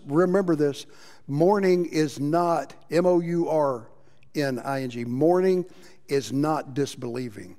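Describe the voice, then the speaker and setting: A man preaching a sermon as pastor, impassioned, moving between loud emphasis and quiet passages. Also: on the high side. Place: church sanctuary. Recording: long reverb of a church hall.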